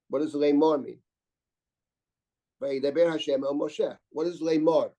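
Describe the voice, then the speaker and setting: A man's voice: fairly high pitch, fairly even intonation, moderate pace, pauses often, warm tone, rough recording. An older man, a rabbi, teaching a Torah class in a discursive lecture style, reading Hebrew verses aloud and often restarting his sentences. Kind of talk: lecture on biblical commentary.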